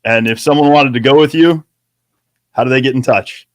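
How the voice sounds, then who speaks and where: A man's voice: mid-range voice, moderate pace, no room sound, clean studio sound. A man hosting a podcast, asking laid-back questions in a casual chat. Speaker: podcast host.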